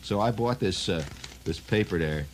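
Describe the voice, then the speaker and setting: A middle-aged man with a low voice spins a rambling radio monologue. He is wry and digressive, chuckling at his own jokes, and faint noise sits under him. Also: moderate pace. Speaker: radio host.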